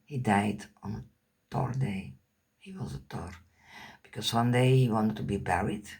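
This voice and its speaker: Dutch-speaking woman, husky and gravelly, candid rambling storyteller who curses freely. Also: extremely low pitch, animated, a little slow, a little mellow. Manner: candid, rambling, swears casually, searches for English words. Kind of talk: personal storytelling to camera.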